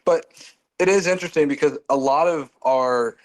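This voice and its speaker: A man hosting a casual political chat, talking in an animated way and jumping up in pitch when he jokes. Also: normal speed. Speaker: host.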